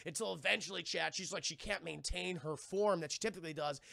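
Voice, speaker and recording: A man casually recapping a TV episode for a live-stream chat, rambling and profane, slipping into quick character impressions. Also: on the high side, gravelly, bright, forceful tone, dry recording, clean studio sound. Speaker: TV review streamer.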